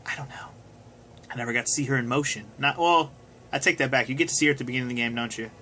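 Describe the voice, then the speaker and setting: A man's voice: medium pitch, very fast, sharp tone, a little hiss or hum. A young man casually answering viewer questions on his video, rambling and swearing now and then. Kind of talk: casual chat. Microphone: phone camera.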